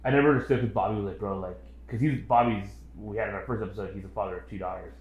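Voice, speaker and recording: Brief: young male podcast co-host, rapid talker, animated, echoey room. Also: on the low side, highs cut off, a little hiss or hum. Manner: animated storyteller, acts out quotes loudly. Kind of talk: casual chat.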